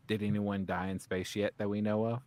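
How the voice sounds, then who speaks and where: A man's voice: lowish voice, little pitch movement, normal speed, darkish tone. A man hosting a casual podcast chat, playfully asking the group questions and echoing their phrases. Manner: playful, asks questions and repeats others' phrases. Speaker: podcast host.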